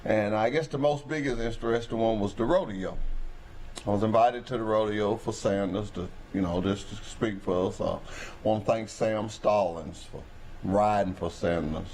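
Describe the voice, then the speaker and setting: A man with a hoarse voice, hosting a local trucking company show in a folksy, rambling manner. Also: fairly low pitch, moderate pace, darkish tone, slight background noise. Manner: folksy, rambling, preacher-like address to the audience. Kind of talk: casual talk show monologue.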